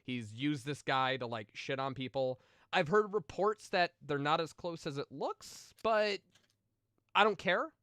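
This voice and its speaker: A man's voice: fairly high pitch, lively intonation, unhurried, fairly bright tone, clean tone, dry recording, studio quality. A man chatting casually on a livestream, reading viewer questions and answering in a rambling, profane way with lots of fillers and restarts, and getting emotional at times. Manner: emotional, sensitive.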